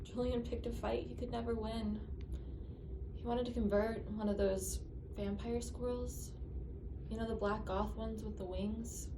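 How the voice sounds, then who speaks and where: A woman rambling as a friend of the subject in a mockumentary interview, telling the story in a deadpan way. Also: on the high side, measured pace. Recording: roomy, distant, noisy recording.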